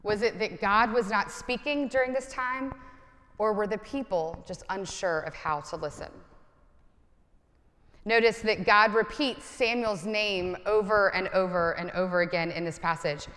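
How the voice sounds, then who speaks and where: A woman's voice: mid-range voice, a little slow, fairly bright tone, long reverb tail. A woman pastor in her thirties giving a conversational sermon with self-deprecating humor.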